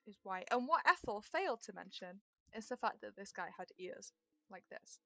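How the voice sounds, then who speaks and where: A woman's voice: medium pitch, animated, normal speed, bright, forceful tone, no room sound. A woman narrating a tabletop game as game master in a casual, chatty way.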